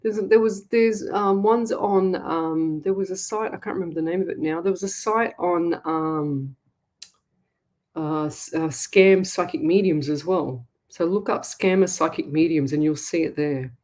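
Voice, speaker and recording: A woman's voice: fairly low pitch, a little slow, darkish tone. An Australian woman hosting a live psychic medium show, talking casually and rambling as she gives blunt advice to her viewers. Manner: chatty, rambling, direct advice-giving. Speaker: psychic medium radio host. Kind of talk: casual live-stream reading.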